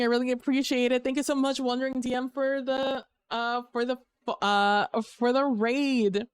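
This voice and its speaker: A woman's voice: sits high, little pitch movement, normal speed, clear, resonant tone, dry recording. A young woman streamer talking casually and rambling, with lots of fillers and restarts. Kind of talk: casual live-stream chat.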